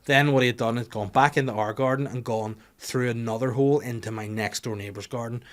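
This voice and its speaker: A man's voice: mid-range voice, fairly even intonation, fairly quick. A man in his thirties with a Northern Irish accent, hosting a podcast and rambling through a comic story, swearing freely. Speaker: comedian podcast host. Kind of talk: casual comic monologue.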